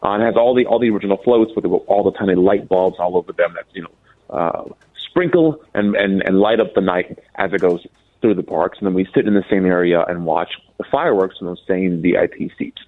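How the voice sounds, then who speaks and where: A man hosting a radio show, telling a story in casual chat with animated delivery and many stammered restarts. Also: low-pitched, fairly quick, dry recording. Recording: thin phone-like radio sound.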